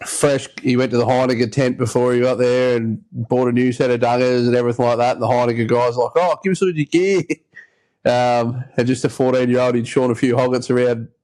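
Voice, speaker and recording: A man's voice: mid-range voice, monotone, fast talker, few pauses, dark tone. Australian man spinning a rambling yarn. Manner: rambling yarn-spinner, acts out quoted voices. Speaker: podcast host. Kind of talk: casual storytelling chat.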